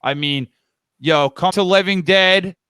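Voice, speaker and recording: Male podcast host from New York, casual and animated, with a dry close sound. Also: sits high, slow pace, clear, resonant tone, no room sound. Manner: animated storyteller, acts out quoted dialogue. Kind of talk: casual chat.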